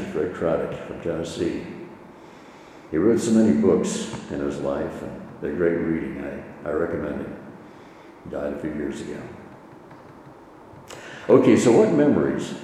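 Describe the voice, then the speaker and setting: A man preaches in a low, mellow voice, earnest and measured, repeating his phrases for weight. He is recorded from a distance in a large hall with a long, echoing reverb and a faint room hiss behind him. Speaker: pastor. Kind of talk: sermon. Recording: echoey hall from far off.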